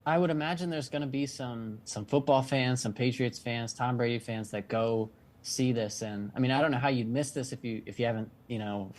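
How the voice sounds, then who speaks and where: A man's voice: mid-range voice, brisk, hardly any pauses, a little mellow. Casual male interviewer, lots of "like". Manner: loose, hedging, many "like" fillers.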